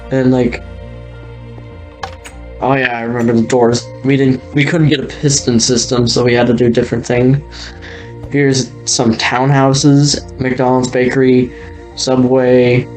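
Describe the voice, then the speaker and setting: A man's voice: medium pitch, flat delivery, measured pace, a little mellow, faint music behind. A man giving a casual, rambling walkthrough, laughing often and trailing off mid-sentence. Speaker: video creator touring an old game world.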